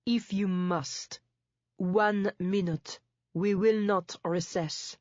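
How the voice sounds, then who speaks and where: A woman's voice: medium pitch, fairly even intonation, very slow, a little mellow, no room sound. A woman voicing a stern male presiding judge who talks in a clipped, formal, impatient way, recorded dull and dry. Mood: grudging.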